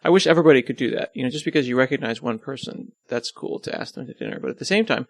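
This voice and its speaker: A man's voice: medium pitch, lively intonation, very fast, no room sound. A man being interviewed on his podcast, chatting casually and joking about himself. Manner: joking, self-deprecating, rambling.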